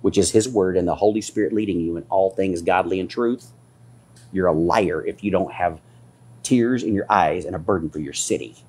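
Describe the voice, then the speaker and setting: A man preaching a fiery, scolding sermon as a pastor, his voice climbing higher as his intensity builds. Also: moderate pace, a little mellow, slightly rough.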